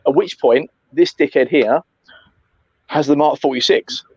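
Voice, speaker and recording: A man tells a night-game story in a lively, sweary chat, with a slightly higher voice than most men. The sound is dry and a little dull, recorded close with no room around it. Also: measured pace, slightly rough, no room sound. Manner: animated, swearing, lots of fillers and "mate". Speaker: airsoft player recounting a game.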